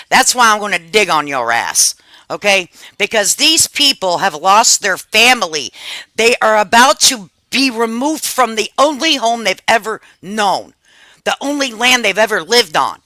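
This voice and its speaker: Brief: angry woman streamer, middle-aged, swears a lot, bright voice, dry close sound. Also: medium pitch, no echo. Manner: furious, profane, emphatic. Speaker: live stream host. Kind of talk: angry commentary rant.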